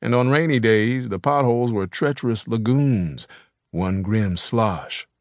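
A medium-pitched man narrates an audiobook from a script, measured and even in his storytelling. The studio sound is clean with no echo.

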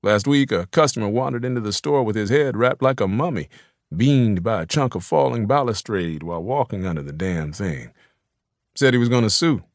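Reading scripted audiobook narration, this man has a fairly low pitch and keeps an even, measured storytelling pace. It's a dry recording of studio quality.

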